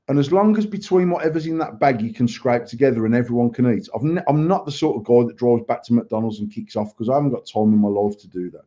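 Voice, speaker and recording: A man's voice: mid-range voice, mellow. A man hosting a live show, telling crude stories in a blunt, boastful way and swearing constantly. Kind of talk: casual storytelling chat. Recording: dull lo-fi live stream audio.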